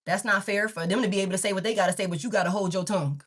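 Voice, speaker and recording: A fast-talking woman with a mid-range, fairly bright voice gives a casual tarot reading. She rambles candidly and swears freely, addressing her viewers directly as "baby" and "y'all."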